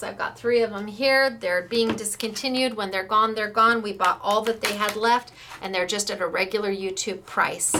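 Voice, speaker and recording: A chatty American woman with a fairly high voice walks viewers through craft supplies, gushing over each product as she shows it. Her talk is casual and enthusiastic, like a shop owner on a live demo. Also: pushed and bright.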